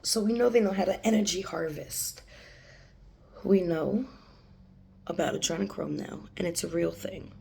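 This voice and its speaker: A woman's voice: on the low side, moderate pace, creaky, pauses often, darkish tone, a little hiss or hum. A woman talking to camera in a rambling casual monologue, laughing often and sometimes dropping to a whisper. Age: adult, has a young daughter. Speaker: channeler.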